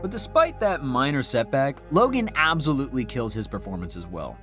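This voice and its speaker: A man's voice: medium pitch, sing-song, a little fast, over music. Sarcastic man narrating a game review. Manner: dry, sarcastic, joking asides. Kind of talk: scripted video review narration.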